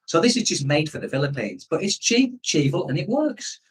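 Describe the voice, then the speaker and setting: Fairly high-pitched with big swings in intonation, a man hosting an expat livestream talks a little fast with hardly any pauses, rambling and reading out viewer comments. The rough recording picks him up from afar with slight background noise, and his manner is relaxed and unscripted.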